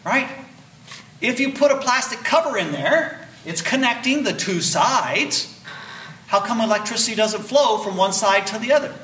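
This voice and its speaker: Older male professor, patient and explanatory; high, bright voice captured from afar in a roomy hall. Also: animated, moderate pace. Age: 60s. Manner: explanatory, repeats key points with "okay?" and "right?". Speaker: physiology lecturer. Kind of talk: classroom lecture. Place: lecture hall. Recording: roomy lecture hall, mic at a distance, faint noise.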